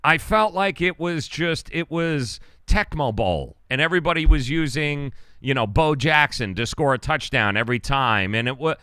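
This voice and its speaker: A man hosting a sports talk show, venting about a game in a loose, rambling way. His voice is bright and clear. The sound is dry and close, with no room behind it. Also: on the high side, expressive, moderate pace, hardly any pauses, no echo. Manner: rambling, exasperated, frequent restarts. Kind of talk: casual sports commentary.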